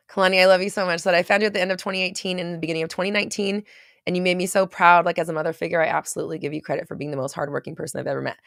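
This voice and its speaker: A chatty, animated woman coaching her livestream audience, slipping in laughs, fillers and the odd swear word. Her voice sits a little low for a woman. The sound is dry and close, with no room echo. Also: very fast, creaky. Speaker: manifestation coach and show host. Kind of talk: casual livestream talk, reading viewer comments aloud.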